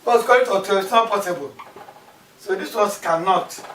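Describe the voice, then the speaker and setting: Captured from far off in an echoey room with faint background noise, this male maths teacher gives a classroom lesson. He repeats key terms and asks questions aloud in a high, slightly bright voice at a moderate pace.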